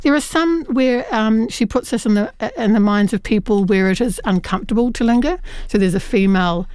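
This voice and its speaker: A woman talks through a book review in an earnest, conversational way, stumbling over fillers and restarts. Her voice is smooth and clear, recorded close and dry with no room sound. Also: a little high, brisk, darkish tone, dry recording. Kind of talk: radio book review chat.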